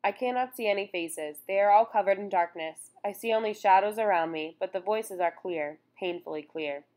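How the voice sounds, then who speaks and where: A woman reading a first-person memoir aloud in a solemn, measured way. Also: medium pitch, darkish tone. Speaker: audiobook narrator.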